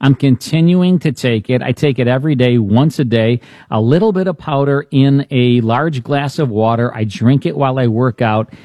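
A man's voice: medium pitch, normal speed, few pauses, mellow, no room sound. A male host of a classic radio show podcast, chatting and joking with his co-host. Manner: jokey, chatty. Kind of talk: casual podcast chat and ad read.

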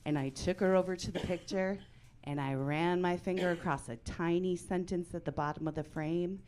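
A woman in her forties performing a stand-up comedy set on a club stage, deadpan with sudden loud punchlines. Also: fairly low pitch, moderate pace, noisy background.

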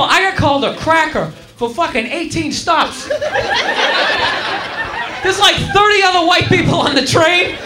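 A man telling a profane story on a comedy club stage, animated and loose. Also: very high-pitched, noisy background. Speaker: stand-up comedian. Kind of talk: stand-up routine. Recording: roomy live club recording with crowd.

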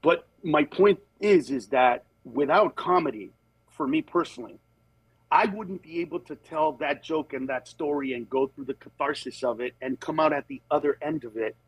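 A man, a comedian guest, telling stories in casual chat, animated and acting out other people in high voices, then turning earnest. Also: normal speed, slightly rough, no echo, rough recording. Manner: turns earnest and reflective. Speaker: comedian guest on a talk show.

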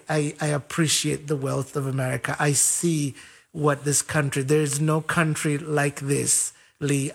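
African-born male guest, husky, excitable, jumps into voices when quoting people. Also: fairly high pitch. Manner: animated, acts out quoted voices, repeats words. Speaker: interview guest. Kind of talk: conversational storytelling.

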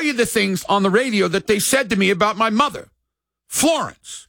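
A middle-aged man from the United States hosting sports radio, ranting and shouting his opinions. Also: high-pitched, expressive, normal speed, vocal fry, no room sound, studio quality. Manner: ranting, loud, shouting at peaks. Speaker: sports radio host, former baseball player.

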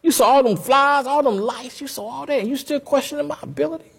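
God, as a preacher puts him on, high and scolding. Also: male voice, quick pace, creaky, a bit bright, heavily acted. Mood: incredulous scolding. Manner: incredulous scolding. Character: God, exasperated, scolding doubting people.

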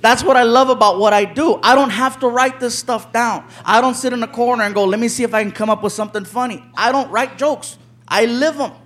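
A man telling a story as a stand-up comedian, animated and loud, acting out the people in it. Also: very high voice. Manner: animated, loud, acts out characters with shouted voices. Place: live comedy venue with laughing audience. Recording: live show with loud crowd noise.

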